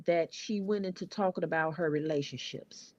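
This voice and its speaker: A woman co-hosting an online stream, telling a long story in a blunt, animated way, swearing freely and repeating her words as she goes. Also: sits low, normal speed, dry recording, dull audio. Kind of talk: casual chat.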